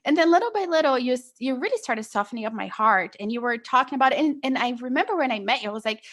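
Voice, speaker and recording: Brief: young woman podcast guest, slightly higher pitch, earnest, rambling storyteller full of fillers. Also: lively intonation, fast talker, a bit bright. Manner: earnest storytelling, many fillers like "like" and "you know". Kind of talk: casual conversational interview.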